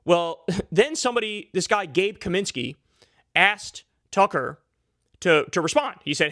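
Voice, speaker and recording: High-voiced profane ranting man. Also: big pitch swings, a little slow, bright, forceful tone, no echo, studio quality. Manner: profane, sarcastic and heated, with many filler likes. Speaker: political commentator. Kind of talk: ranting political commentary vlog.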